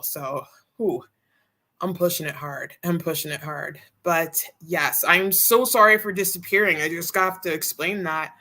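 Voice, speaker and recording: A woman's voice: lowish voice, pushed and bright. A young adult woman chatting casually on a live stream, rambling and candid, still a bit out of breath. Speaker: vlogger.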